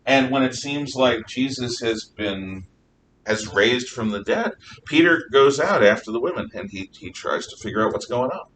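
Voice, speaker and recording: A man teaching a class, retelling Bible stories in a lively, animated way and acting out the dialogue. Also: moderate pace. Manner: animated, acts out dialogue with shifting voices. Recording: distant mic with faint rumble.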